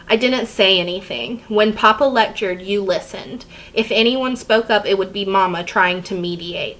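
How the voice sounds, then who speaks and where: A woman's voice: medium pitch, moderate pace, few pauses, poor audio. A woman reading a memoir aloud chapter by chapter for students to follow along, now and then stopping to explain a line. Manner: steady, plain read-aloud pacing. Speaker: teacher reading to a class.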